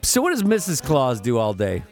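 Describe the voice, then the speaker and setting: Low-voiced, playful woman podcast host. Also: wildly swooping pitch, moderate pace, darkish tone, faint music behind. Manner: playful probing questions, swears freely. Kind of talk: casual comedy chat.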